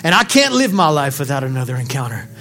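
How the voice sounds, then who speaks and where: A male pastor preaching a sermon to his congregation, passionate and full of questions, dropping quiet and then building up to shouts. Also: medium pitch, very animated, fast. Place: church sanctuary.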